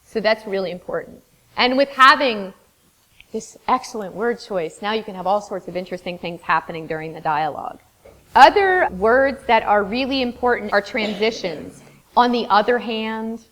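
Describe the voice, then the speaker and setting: A woman's voice: mid-range voice, fairly bright tone. A woman teaching a workshop in a classroom, encouraging and often praising answers, sometimes reeling off long word lists. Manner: lists words rapidly. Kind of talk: interactive classroom lesson. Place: classroom with a board.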